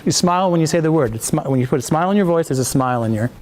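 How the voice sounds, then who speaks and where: A man coaching a voiceover workshop, enthusiastic and quick to heap praise on his students. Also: a little high, slight background noise. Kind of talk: coaching a class.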